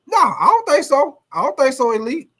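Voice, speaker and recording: A man's voice: very high-pitched, huge pitch swings, normal speed, bright, forceful tone. A man hosting a casual sports livestream, reading chat comments aloud in a loose, repetitive way, swearing and laughing often.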